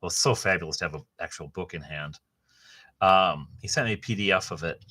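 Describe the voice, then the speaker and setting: Lower-pitched man, bright rambling host. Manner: rambling, enthusiastic, halting. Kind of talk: casual book unboxing chat.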